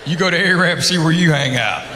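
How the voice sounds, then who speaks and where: A man with a Southern US accent doing stand-up comedy on a club stage, telling stories in a deadpan drawl and acting out the quotes. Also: fairly high pitch, fairly quick, noisy background. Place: comedy club stage before a live audience. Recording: roomy live venue with audience laughter.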